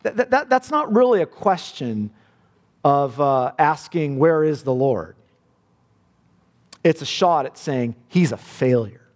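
A man's voice: fairly high pitch, expressive, slow pace, long pauses, big-room sound. A man preaching a sermon, earnest, often repeating words as he builds a point.

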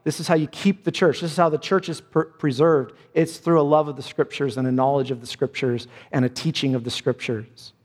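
Earnest preaching pastor, high-ish voice. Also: male voice, fairly even intonation, a little fast, few pauses, big-room sound. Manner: earnest, emphatic preaching with repeated phrases. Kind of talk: sermon.

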